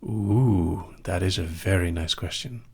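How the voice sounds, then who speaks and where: A young Dutch man with a Dutch accent hosts a live question-and-answer session, reading listener questions aloud and answering them in an unhurried, dry manner. His voice sits low and carries a gravelly rasp. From Netherlands. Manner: calm, unhurried, dry humor. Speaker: hypnosis show host.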